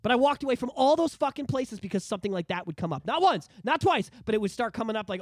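A man, co-hosting a podcast in casual chat, ranting in a profane, animated way. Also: very high voice, quick pace, no room sound, clean studio sound. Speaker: podcast co-host.

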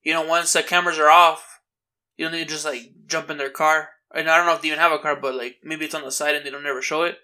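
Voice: medium pitch, level tone, fast, pushed and bright. A co-host in a casual chat, cracking jokes and giggling often. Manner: joking, giggly interjections. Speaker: podcast co-host.

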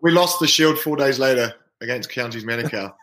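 Kiwi guy spinning a lively yarn, mid pitch, echoey room sound. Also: a little fast. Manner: lively, animated anecdote-telling. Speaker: guest rugby player. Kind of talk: casual storytelling. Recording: roomy echo.

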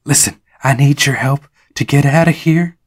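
A man voicing a nervous theme park worker who whines and rushes his words. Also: close to an everyday voice. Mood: urgent, nervous. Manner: high, whining, anxious. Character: panicky park docent, whiny man.

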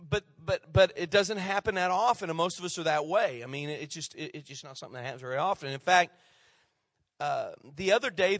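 Pastor in his fifties, folksy storyteller, slightly high voice, preaching in a church with long reverb. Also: a bit bright, clean studio sound. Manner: folksy storytelling with repeated restarts. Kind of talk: sermon. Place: church sanctuary.

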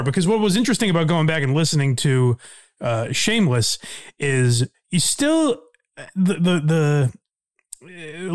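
A man hosting a podcast in a casual, reflective, conversational way. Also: on the high side. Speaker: podcast host. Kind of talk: casual chat.

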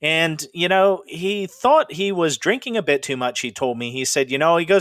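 A middle-aged man from the Pacific Northwest hosts a podcast, telling ghost stories in a chatty, rambling way packed with fillers. His voice is a little high and a bit bright, animated, at a moderate pace with few pauses. The recording is dry, with clean studio sound.

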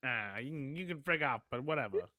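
Man playing a gruff rude tough guy, curt threats, bright edgy voice, lively pitch. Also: a little fast, no echo, studio quality. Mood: dismissive. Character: gruff blunt-smoking grown man, rude.

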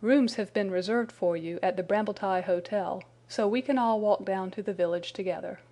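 A woman's voice: medium pitch, normal speed, dark tone, natural voice. A woman reading the part of a stern, self-satisfied police inspector in a formal, clipped way.

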